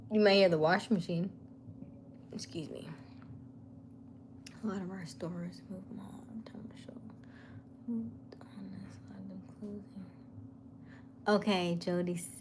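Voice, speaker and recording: A woman's voice: fairly low pitch, a little mellow, slight background noise. A woman hosting a casual live chat, reading viewer comments, laughing often and dropping into whispers. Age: middle-aged. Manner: chatty, laughing, drops to whispers. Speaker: livestream host.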